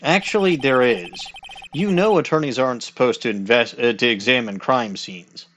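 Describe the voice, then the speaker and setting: A man's voice: mid-range voice, slight background noise. A man hosting a let's play, reading game text and joking in casual commentary. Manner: animated, joking, quick exclamations.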